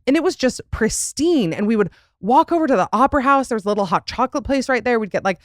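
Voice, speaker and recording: A woman's voice: fairly high pitch, animated, quick pace, no room sound, studio quality. A young adult woman hosting a podcast in casual chat, rambling and laughing with plenty of fillers. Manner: chatty, rambling, lots of "like" and laughs. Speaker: podcast host.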